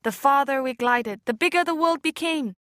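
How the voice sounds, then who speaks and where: A woman reading an audiobook chapter aloud in a measured, expressive way. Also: high-pitched, no echo, clean studio sound. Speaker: audiobook reader. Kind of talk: scripted narration.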